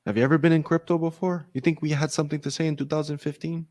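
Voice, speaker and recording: A man's voice: a little high, little pitch movement, racing, darkish tone. A man in the middle of a heated, profane rant. He swears freely and fires off one blunt question after another in loose, casual talk. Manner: profane, ranting. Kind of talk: casual chat.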